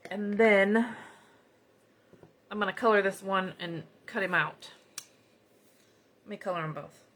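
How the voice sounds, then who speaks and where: Speaking unhurriedly at medium pitch, this American woman has a fairly bright tone and a Southern accent, with slight background noise behind her. She makes cards live, chatty and folksy, keeping up a casual conversation while she crafts.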